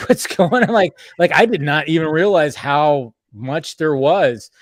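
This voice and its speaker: A man hosts a casual film chat with excitable energy, laughing often and swearing freely. His voice sits a little high and sounds close and dry. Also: unhurried, no room sound. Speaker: stream host.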